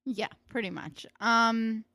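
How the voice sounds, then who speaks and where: A woman's voice: a little high, steady tone, slow, sharp tone, no room sound. A young woman co-hosting a casual chat, blunt and sweary, with dry asides about the characters. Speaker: podcast co-host recapping a TV episode.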